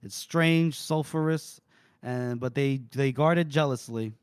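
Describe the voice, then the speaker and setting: A man's voice: mid-range voice, a little slow, clear, resonant tone, no echo, studio quality. A man co-hosting a podcast, casually retelling a novel's plot with frequent laughs and loose fillers. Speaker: podcast co-host. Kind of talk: casual book recap.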